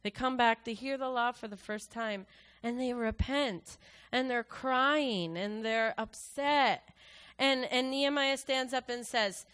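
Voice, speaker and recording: A woman's voice: a little high, unhurried, a bit bright, clean tone. A woman giving a personal testimony to her church, talking in a conversational, earnest way and retelling scripture in her own words.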